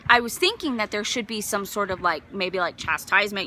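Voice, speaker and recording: A woman's voice: mid-range voice, moderate pace, few pauses, bright, forceful tone, a little hiss or hum. A bereaved mother giving a personal faith testimony, earnest and emotional, rising to fervent conviction.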